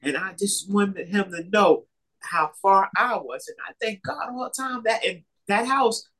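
A man recounts a faith story casually in a high-sitting voice that is bright and forceful, keeping a measured pace. He rambles and repeats himself, quoting many exchanges as he retells what others said.

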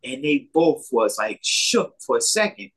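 Husky man telling a rambling story. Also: medium pitch, very animated, a little slow, fairly bright tone. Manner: rambling, repetitive retelling with many quoted exchanges. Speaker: storyteller sharing a faith testimony. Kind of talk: casual spoken testimony.

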